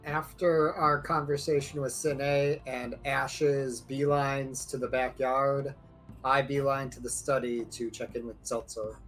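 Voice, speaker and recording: A man's voice: mid-range voice, level tone, measured pace, a bit bright, soft background music. A man playing a tabletop game who asks questions in a casual, tentative way. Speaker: player. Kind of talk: casual role-play chat.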